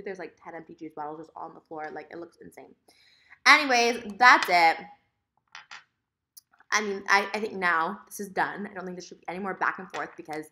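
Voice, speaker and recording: A young woman vlogging at home, telling her side of a story in a fast, animated, sassy rant. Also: on the low side. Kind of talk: casual vlog monologue.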